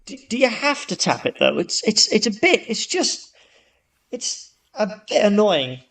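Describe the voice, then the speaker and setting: A man's voice: extremely high pitch, huge pitch swings, fairly quick, voice pushed up, heavily acted. A man voicing an impatient, annoyed family man in a told joke, whining in a raised voice.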